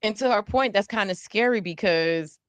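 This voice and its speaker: A woman's voice: mid-range voice, normal speed, clean tone, no echo. A young woman from co-hosting a podcast, talking casually and animatedly with lots of "like" fillers and playful teasing. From South Florida. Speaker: podcast co-host. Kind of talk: casual chat.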